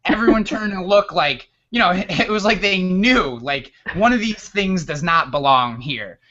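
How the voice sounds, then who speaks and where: A man in his thirties from upstate New York, telling a story as a guest in a casual interview, animated and often restarting his words. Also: high-pitched, normal speed, muffled recording. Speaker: guest author.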